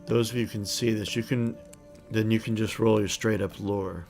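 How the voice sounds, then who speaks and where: A man running a tabletop game, describing the scene in a relaxed, meandering way with plenty of hesitations. His voice sits fairly low, with faint music underneath. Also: moderate pace. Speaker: game master.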